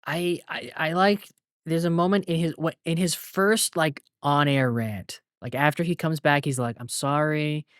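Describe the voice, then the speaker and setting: A man co-hosting a film podcast, retelling scenes in an animated way. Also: fairly high pitch, normal speed, no echo, studio quality. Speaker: podcast co-host. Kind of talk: casual film discussion.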